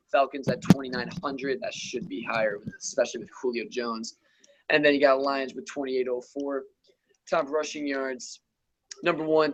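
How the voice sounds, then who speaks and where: A young man hosts a laid-back podcast, casually working through football rankings and stats with swearing and offhand asides. His voice is medium-pitched and a little bright, and the recording is rough.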